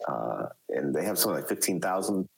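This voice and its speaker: A man with a Chicago accent hosting a casual live podcast chat, talking haltingly with many fillers and restarts. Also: deep voice, lively intonation, vocal fry, low-quality recording. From United States. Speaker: podcast host.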